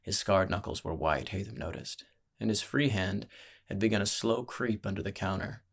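A man narrating a fantasy audiobook in a measured, steady storytelling manner. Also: fairly low pitch, creaky, breathy edge.

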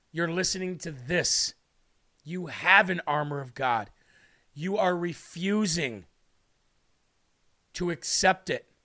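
A man's voice: fairly high pitch, vocal fry, pushed and bright. A man preaching an emotional livestream sermon, pleading and repeating questions for emphasis.

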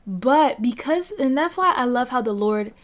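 A woman's voice: high voice, lively intonation, a little slow. A young woman telling her faith testimony in a casual, rambling way, full of fillers and light laughs. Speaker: Christian speaker sharing a testimony.

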